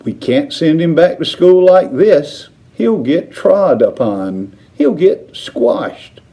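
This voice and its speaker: Guy reading as a gruff shouty dad, raised voice, mellow tone. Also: a little high, very animated, slow pace, voice pushed up, full character voice. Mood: exasperated. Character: blustering irritable father.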